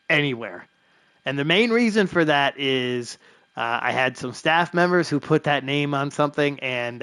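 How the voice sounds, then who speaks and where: A man's voice: mid-range voice, fairly bright tone, clear, resonant tone, dry recording. Rambling male streamer, dry close mic. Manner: loose and rambling, with frequent fillers and chuckles. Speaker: streamer running a live baseball franchise game. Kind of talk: casual live-stream commentary.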